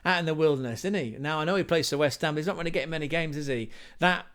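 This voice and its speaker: Chatty Englishman with a smooth voice. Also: on the high side, racing, a bit bright. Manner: chatty, rambling asides to viewers. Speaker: football channel host. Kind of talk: casual football stats commentary.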